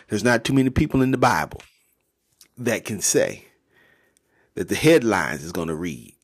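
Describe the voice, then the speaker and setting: A man hosting a devotional podcast, retelling scripture in loose, slangy language. His pitch swings widely as he jokes and drives home a point, sometimes dropping to a whisper. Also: normal speed, long pauses. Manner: animated, slangy, laughs at his own jokes. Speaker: podcast host. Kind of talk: casual devotional Bible retelling.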